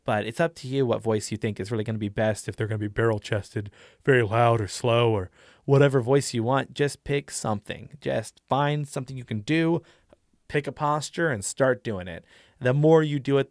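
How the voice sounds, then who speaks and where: A man's voice: mid-range voice, moderate pace, darkish tone, no echo, clean studio sound. A man giving a casual tutorial on tabletop role-play voices, chatty and rambling with many fillers. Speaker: tabletop game teacher.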